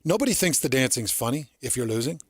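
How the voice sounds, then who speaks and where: A man's voice: mid-range voice, very animated, fast talker, breathy edge, no echo, studio quality. Earnest male sports radio host. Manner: earnest, storytelling, emphatic.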